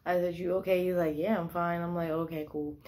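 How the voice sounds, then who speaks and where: A woman's voice: on the low side, fast talker. Chatty young woman telling a story. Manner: animated, quotes herself in bursts; heavy use of "like" fillers. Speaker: vlogger. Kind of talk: casual storytime.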